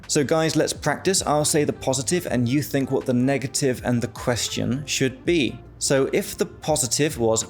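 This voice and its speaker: A man's voice: medium pitch, expressive, faint music behind. Upbeat male English teacher. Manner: upbeat, slows right down for example sentences. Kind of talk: online English grammar lesson.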